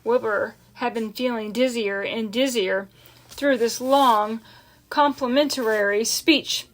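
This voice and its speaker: A woman reads a classic children's novel aloud in a fairly high, bright voice. She narrates gently and expressively, slowing down on important words. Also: fairly even intonation. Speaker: audiobook reader. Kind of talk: storybook read-aloud narration.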